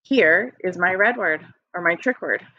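A slow, patient woman teaching young children, spelling words letter by letter in an encouraging tone. Her voice is dry and close, with a slightly dull, lo-fi sound. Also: on the low side, expressive, dry recording. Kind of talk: recorded early-grade phonics lesson. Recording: dry, dull lo-fi home recording.

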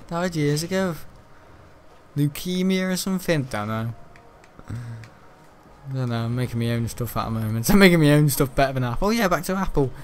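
A man's voice: on the high side, normal speed, long pauses, a little hiss or hum. Jokey man rambling over gameplay. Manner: rambling, jokey, laughs often. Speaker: gaming channel host. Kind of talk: casual gameplay commentary.

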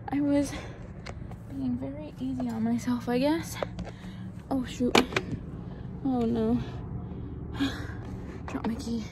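A woman's voice: fairly high pitch, slow pace, pauses often, very noisy. A young adult woman vlogging casually from her car, chatty and self-deprecating, often laughing at herself. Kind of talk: casual vlog chat. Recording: background music under voice.

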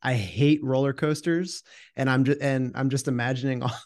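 A man's voice: mid-range voice, fairly even intonation, normal speed, darkish tone. A male podcast co-host chatting casually and laughing at his own fears. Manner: laughing, self-deprecating. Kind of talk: casual chat.

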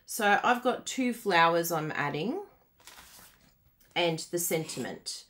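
Woman, craft demonstrator, lively voice, chatty, laughs a lot. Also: on the low side, takes it slowly. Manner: chatty, laughs often, reads out viewer comments. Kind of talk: live card-making tutorial.

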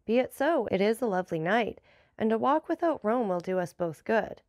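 Storybook count, cool and commanding, gravelly edge, dry close sound, read by a woman. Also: mid-range voice, lively intonation, moderate pace, a little mellow, no room sound, lightly acted. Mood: measured, commanding. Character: commanding, enigmatic nobleman, the Count.

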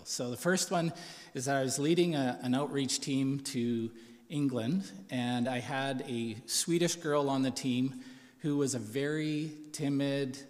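A male church staff member tells his stories with lively energy, acting out the voices of the people in them. His voice sits at a middle pitch and echoes through a long hall reverb. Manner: animated storyteller, acts out quotes. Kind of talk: testimony storytelling. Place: church sanctuary.

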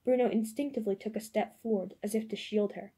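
A woman narrates a novel as an audiobook reader, keeping her delivery steady and measured. Her voice sits in the mid-range and carries a breathy edge.

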